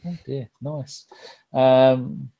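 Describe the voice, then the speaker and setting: A man's voice: medium pitch, little pitch movement, extremely slow, vocal fry, lo-fi sound. A man hosting a casual live podcast, bantering with lots of swearing and reading out viewer comments. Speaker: podcast host.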